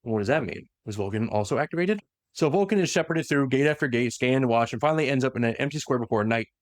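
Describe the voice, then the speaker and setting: A man's voice: mid-range voice, expressive, fast, dry recording, clean studio sound. A man hosting a podcast, casually retelling a story with lots of fillers and self-corrections. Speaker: podcast host.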